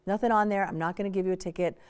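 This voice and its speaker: A woman acting out a calm male police officer who gives a driver a gentle, earnest warning instead of a ticket. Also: medium pitch, racing, clear, resonant tone, voice pushed down, close to an everyday voice. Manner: earnest, patient lecturing.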